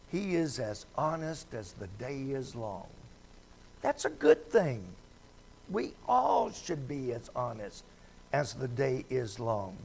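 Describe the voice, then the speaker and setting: Speaking at medium pitch with a gravelly edge, this male pastor preaches a midweek Bible study in a church sanctuary, where slight background noise can be heard. He keeps it folksy and chatty, regularly asking the congregation questions.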